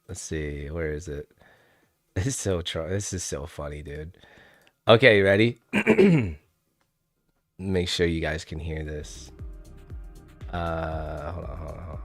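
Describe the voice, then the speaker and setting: A young man hosting a livestream who talks in a relaxed, slangy way and laughs easily. His voice sits low, and the sound is close and dry with no room in it. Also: unhurried, long pauses, no echo, faint music behind. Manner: laid-back and slangy, laughs often, calls viewers dude and homie. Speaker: trading livestream host. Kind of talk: casual livestream chat.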